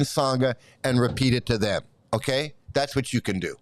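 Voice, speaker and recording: A man's voice: mid-range voice, normal speed, hardly any pauses, slight background noise. A middle-aged man giving an angry, profane commentary rant, repeating himself heatedly. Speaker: YouTube commentator.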